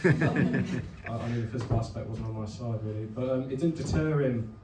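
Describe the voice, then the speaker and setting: A young man doing a stand-up comedy set, deadpan and hesitant, often stammering as he restarts his sentences. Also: medium pitch, fairly quick, slight background noise. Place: comedy club stage. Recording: roomy venue mic from a distance. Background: audience laughter.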